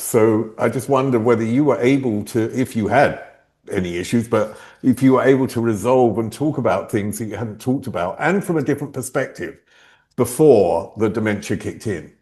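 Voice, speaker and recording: A man interviewing a guest, asking gentle, thoughtful questions. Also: on the low side, moderate pace. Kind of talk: casual chat.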